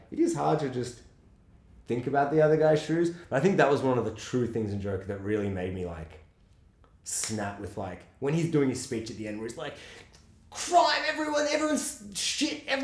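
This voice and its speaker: A man discussing a film in casual chat, swearing freely and acting out quotes in a high voice. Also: a little mellow. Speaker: podcast co-host. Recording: echoey room.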